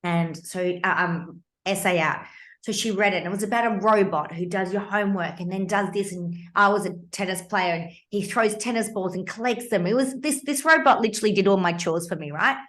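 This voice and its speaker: Animated Australian woman in her fifties. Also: medium pitch, brisk. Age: 50s. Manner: animated, emphatic, blunt, occasionally swears. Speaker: podcast host. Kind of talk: personal storytelling in a podcast conversation.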